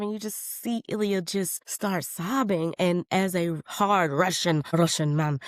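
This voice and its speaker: A woman's voice: low-pitched, dry recording, studio quality. Chatty woman, rambling podcast host. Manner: chatty and rambling, animated, with laughs and slang. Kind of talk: casual solo podcast chat.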